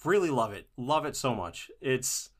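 A man's voice: medium pitch, very animated, a little slow. Upbeat, laughing male podcast co-host. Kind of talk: casual chat.

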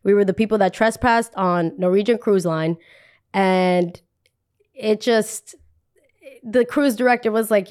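A woman's voice: mid-range voice, a little slow, pauses often, a little mellow, clear, resonant tone. A young adult woman hosting a podcast, telling a personal story in a casual, chatty way, repeating phrases for emphasis and saying "like" often.

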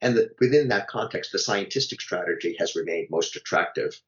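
Deep-voiced man explaining at length. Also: animated, fairly bright tone, dull audio. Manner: measured, explanatory, with fillers and restarts. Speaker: author and guest. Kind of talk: academic interview answers.

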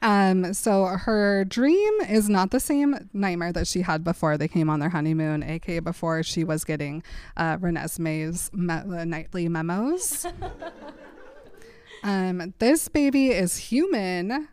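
A woman co-hosting a podcast, retelling a book's story in a casual, animated way and slipping into playful quoted voices. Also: fairly low pitch, a little slow, clear, resonant tone, no room sound, studio quality. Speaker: podcast co-host. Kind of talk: casual chat recapping a book.

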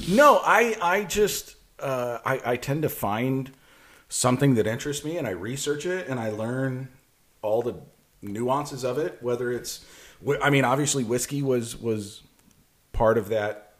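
A man's voice: mid-range voice, measured pace, a bit bright. A man co-hosting a podcast in casual chat, explaining drinks at length and laughing often. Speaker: podcast co-host mixing cocktails.

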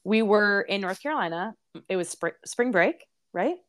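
A woman's voice: medium pitch, expressive, normal speed, a bit bright. A young woman hosting a casual podcast interview, chatty and bubbly, laughing easily as she tells a story. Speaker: podcast host.

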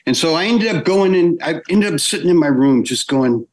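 A man with a slightly high voice spins lively anecdotes in a relaxed interview. He acts out what people said and often stumbles and restarts mid-phrase. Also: fairly quick, breathy edge. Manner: animated anecdotes with acted quotes, frequent restarts. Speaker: animator guest. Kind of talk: casual storytelling interview.

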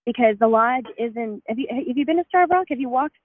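A woman's voice: fairly high pitch, expressive, a little fast, slight background noise. A woman earnestly recounting a story her grandfather told her, speaking insistently in a phone interview. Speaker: caller with information. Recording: tinny phone line.

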